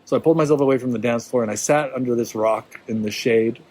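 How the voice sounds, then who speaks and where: A man's voice: medium pitch, quick pace, darkish tone, low-quality recording. A man leading a workshop in an easygoing, encouraging way, often checking in with his listeners. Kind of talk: informal teaching talk to a small group.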